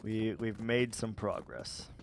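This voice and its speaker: A man casually chatting with viewers while playing a game, rambling and relaxed with many fillers and restarts. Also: on the low side, takes it slowly, vocal fry, a little hiss or hum. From United States. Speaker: gaming vlogger. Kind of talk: casual let's-play chat answering viewers.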